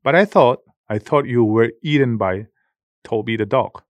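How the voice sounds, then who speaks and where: A man's voice: mid-range voice, moderate pace, no room sound, natural voice. A man voicing an earnest young boy in an audiobook, with eager, breathless speech. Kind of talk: audiobook character voice.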